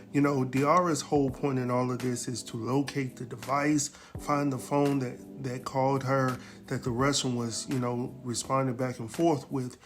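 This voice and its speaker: In a medium-pitched voice, a man gives his viewers a relaxed, energetic rundown of a TV episode, addressing them directly and punctuating it with chuckles and exclamations.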